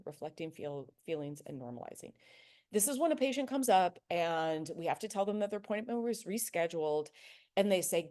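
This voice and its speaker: A woman giving a recorded training lecture in a conversational, earnest way, with frequent fillers. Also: mid-range voice. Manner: acts out soft apologetic example phrases. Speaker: de-escalation trainer.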